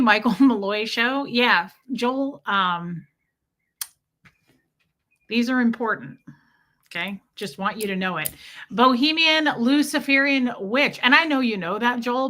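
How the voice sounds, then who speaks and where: A woman hosts a relaxed livestream and greets each viewer by name as the comments roll in. Her voice is bright and clear, and her talk is chatty and playful, full of small jokes. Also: medium pitch. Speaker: livestream host greeting chat. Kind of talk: casual livestream chat.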